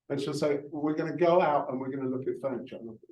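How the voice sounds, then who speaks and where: A man's voice: a little high, fast, few pauses, darkish tone, rough recording. A man in his fifties, a real estate broker giving a jokey, self-mocking training talk to a live audience, often restarting his words.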